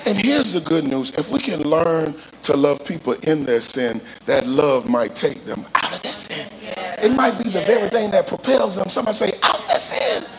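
Gravelly high-pitched preaching man. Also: sing-song, normal speed, a crowd in the background, low-quality recording. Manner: call-and-response preaching, rising to shouts; sing-song cadence, gravelly. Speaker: pastor. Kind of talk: sermon.

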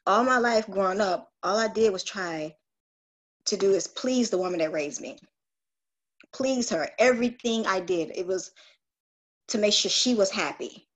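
A woman's voice: mid-range voice, normal speed, pauses often. A woman earnestly sharing a personal spiritual story on a group call, confessional and searching, with frequent restarts.

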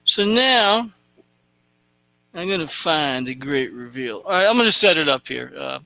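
A man's voice: on the high side, expressive, measured pace, vocal fry, sharp tone, soft background music. A man hosting a casual podcast, bantering loosely and joking about himself. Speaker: podcast host.

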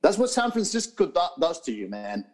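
A man's voice: on the high side, sing-song, a little fast, darkish tone. A man co-hosting a podcast in casual, profane chat, rambling with many fillers and restarts. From New York. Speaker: podcast co-host. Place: podcast studio.

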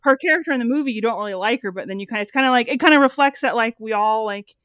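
Her voice is a little high and fairly bright, and she talks very fast with no echo behind her. She's a woman in her thirties co-hosting a podcast, casually recapping a movie, rambling with many fillers and swearing freely.

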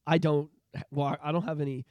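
A man co-hosting a podcast, telling stories in a rambling, animated way with many restarts. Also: fairly high pitch, fast talker, no room sound, lo-fi sound. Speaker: podcast co-host. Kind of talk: casual podcast chat.

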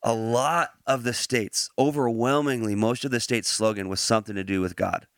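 A man hosting a podcast, moving from relaxed chat into a Bible teaching, laughing easily and using many fillers and restarts. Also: mid-range voice, moderate pace, dry recording, studio quality.

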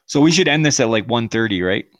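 A man's voice: mid-range voice, animated, quick pace, no room sound. A married man co-hosting a podcast, chatting casually with heavy swearing and frequent laughter. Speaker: podcast co-host. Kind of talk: casual profane chat.

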